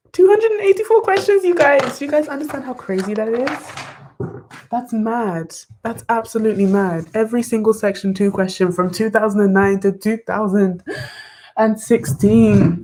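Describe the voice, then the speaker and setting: A young woman on a live study stream, reading questions aloud and reacting with bursts of excitement as she talks to her viewers. Her voice sits a little low for a woman. She sounds like she is at her desk at home. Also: slightly rough. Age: young adult. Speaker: study vlogger. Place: bedroom desk, wrapped in blankets.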